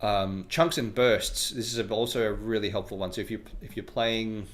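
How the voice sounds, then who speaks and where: A man giving a casual guitar lesson, explaining technique in a relaxed way and often checking in with "right?". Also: on the low side, moderate pace. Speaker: guitar teacher. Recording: faint guitar music behind voice. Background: his own guitar playing between phrases.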